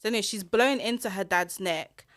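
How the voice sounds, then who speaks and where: A woman's voice: medium pitch, a little fast. A woman, hosting a casual chat and animatedly telling stories about her daughter. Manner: animated storyteller, acts out her child's voice.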